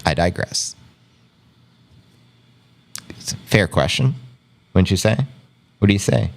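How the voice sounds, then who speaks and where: A man's voice: low voice, lively intonation, slow, creaky. A man hosting a casual livestream, reading viewer comments aloud with playful, joking banter and frequent laughs. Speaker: host.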